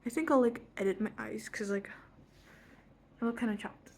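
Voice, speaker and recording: A woman's voice: a little high, normal speed, darkish tone, slightly rough. Rambling teen girl telling a story. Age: teens. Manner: rambling, full of "like" and self-corrections. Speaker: vlogger. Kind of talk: casual storytelling vlog. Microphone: front phone camera.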